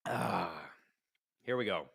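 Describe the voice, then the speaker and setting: A man hosting a live hockey watch-along, chatting and reacting loudly to plays. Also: lowish voice, slow pace, vocal fry, husky, no echo, clean studio sound.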